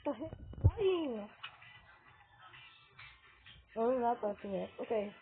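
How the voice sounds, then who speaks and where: A woman with a fairly high voice and an unhurried pace, giving casual gameplay commentary. She exclaims at every turn and keeps calling out to her viewers. The audio is tinny and phone-like, with faint game music underneath. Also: animated. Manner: talks to viewers as "guys". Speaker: gaming video creator.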